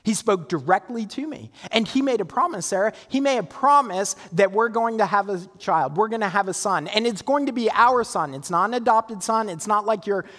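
A preacher playing an eager old husband, high voice, tumbling words, long reverb. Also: male voice, moderate pace, hardly any pauses, a bit bright. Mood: excited. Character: elderly husband, excited and eager.

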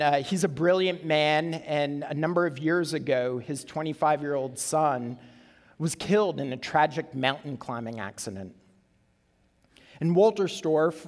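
High-voiced pastor in a reverberant church. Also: male voice. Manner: earnest, repeats key phrases for emphasis. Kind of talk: sermon.

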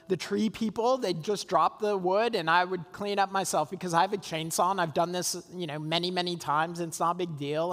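A pastor preaching a sermon, telling a personal story in a relaxed, conversational way with small laughs and restarts. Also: male voice, high voice. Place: church sanctuary. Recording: long hall reverb.

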